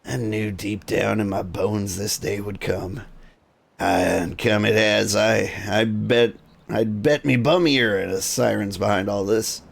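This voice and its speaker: A man doing a gruff old sea-dog sailor. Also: lowish voice, steady tone, heavily acted. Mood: grumbling. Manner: salty, grumbling, drawn-out old sea dog.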